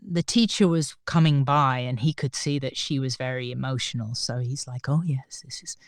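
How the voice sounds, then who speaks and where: A woman guest on a podcast, telling a personal story in an animated way and acting out the voices of the people in it. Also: extremely low pitch, moderate pace, dry recording, clean studio sound. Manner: animated, acts out quoted voices. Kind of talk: storytelling in an interview.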